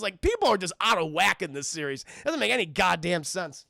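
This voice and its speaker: Gravelly, bright-voiced streamer recapping. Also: male voice, high voice, brisk, few pauses, no room sound, clean studio sound. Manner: profane, animated, talks to chat. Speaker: streamer reviewing a cartoon. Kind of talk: casual live-stream recap.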